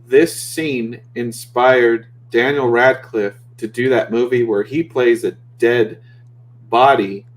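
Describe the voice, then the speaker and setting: A man's voice: medium pitch, fairly even intonation, slow pace, slight background noise. A man in casual watch-party commentary, playful and joking as he shares trivia.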